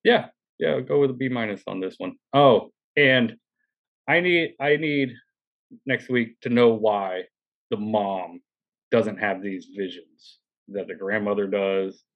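A man's voice: fairly low pitch, measured pace, phone-quality sound. Hesitant man musing over a TV show. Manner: hesitant, many fillers and trailing phrases. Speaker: podcast co-host. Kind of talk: casual discussion of a TV episode.

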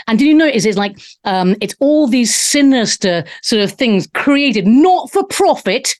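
Brash jokey english woman hosting a live talk show, higher pitched voice. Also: sing-song, unhurried, hardly any pauses, darkish tone.

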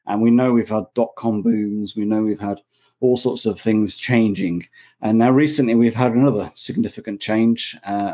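A hesitant male podcast host with a fairly low voice. He introduces his guest and asks questions in a halting way, pausing and restarting often. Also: darkish tone, breathy edge. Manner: hesitant, many fillers and restarts. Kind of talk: casual interview chat.

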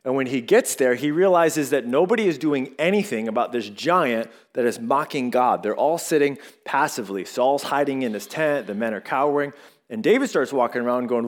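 A male pastor delivers a sermon in a church sanctuary, telling a story with animated, shifting emphasis. His voice sits at an ordinary pitch for a man. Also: fairly quick.

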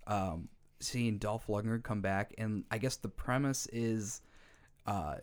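A man with a somewhat low voice talks in a loose, casual podcast chat. He sounds excitable and swears freely as he talks. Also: takes it slowly, clean tone. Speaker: podcast co-host.

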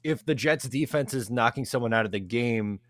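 A man's voice: medium pitch, moderate pace, no room sound, clean studio sound. A man co-hosting a casual sports talk show, rambling with lots of "like" fillers. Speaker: co-host.

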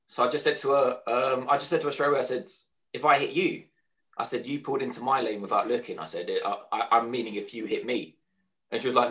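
A man on a casual podcast, telling an animated anecdote at speed, stumbling over restarts. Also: mid-range voice, fast. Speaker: podcast co-host. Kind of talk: casual storytelling chat.

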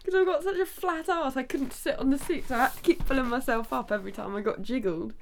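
A woman's voice: high-pitched, fast talker, a little hiss or hum. Giggly, sweary woman. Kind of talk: casual chat.

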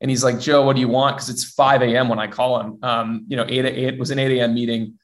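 A man's voice: mid-range voice, little pitch movement, fast. A young man who played college football, telling a story in a casual interview, rambling with many fillers and restarts. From US West Coast.

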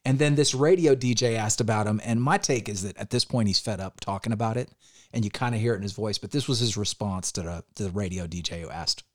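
A man co-hosting a podcast, talking in an animated, opinionated way with lots of "like"s. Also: on the low side, fast. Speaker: podcast co-host. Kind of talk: casual chat.

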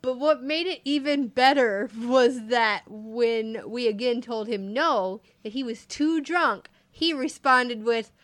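A woman's voice: a little high, slow pace, hardly any pauses, fairly bright tone, dry recording. A woman casually telling funny work stories, laughing often as she goes. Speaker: podcast co-host telling stories. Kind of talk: casual storytelling chat.

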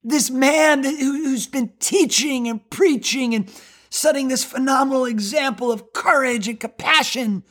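A woman giving earnest, emphatic Bible teaching on a podcast, slowing down to read scripture aloud. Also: high-pitched, fairly bright tone.

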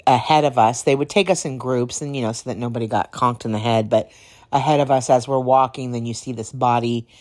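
A woman hosting a podcast, telling stories in a casual, rambling way, slightly hoarse and clearing her throat now and then. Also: a bass voice, fairly even intonation, a little fast, darkish tone. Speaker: podcast host. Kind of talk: casual storytelling.

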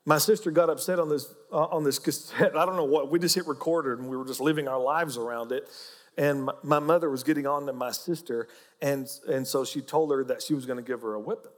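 A man's voice: mid-range voice, fairly even intonation, a little fast, long reverb tail. A man with an Oklahoma accent preaching a sermon, folksy and joking as he teaches. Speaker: pastor.

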